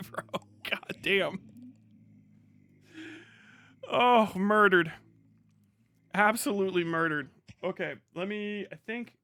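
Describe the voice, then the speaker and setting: A man's voice: high voice, dry recording, studio quality. A man streaming live, chatting casually, swearing constantly and laughing often. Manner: profane, excitable, laughs often.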